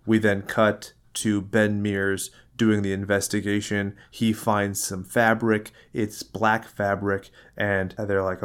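A man's voice: lowish voice, level tone, takes it slowly, hardly any pauses, clear, resonant tone. A man co-hosting a casual podcast about a film, joking sarcastically and acting out lines in voices. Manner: sarcastic, jokey, acts out quotes in voices. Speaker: podcast co-host.

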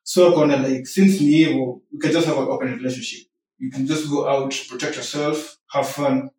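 A man's voice: mid-range voice, fairly even intonation, a little fast, a little mellow, recorded from a distance. Young guy, casual slangy podcast chat, lots of "like", echoey room, sits back from the mic. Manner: loose, switches between English and Swahili slang, lots of "like".

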